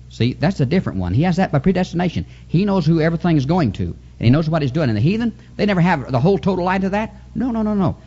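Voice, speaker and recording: A man preaching a fervent Pentecostal revival sermon, swinging his pitch and chuckling as he goes. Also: dull audio. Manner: fervent, sing-song preaching with sudden pitch jumps and chuckles.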